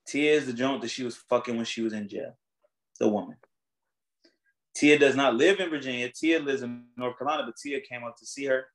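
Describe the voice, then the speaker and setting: A man hosting a casual chat, retelling a story in animated, slangy, profane talk. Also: medium pitch, brisk, poor audio.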